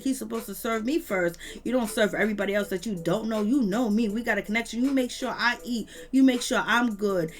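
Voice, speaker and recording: A woman giving a casual recap of a reality show, talking in emphatic slang and running through long lists. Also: on the high side. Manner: retells scenes with quoted voices.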